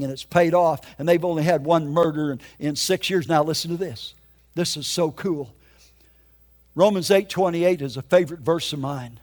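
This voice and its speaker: A man's voice: fairly high pitch, moderate pace, darkish tone. An older man preaching his testimony in an emphatic, folksy storytelling way. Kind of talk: sermon testimony.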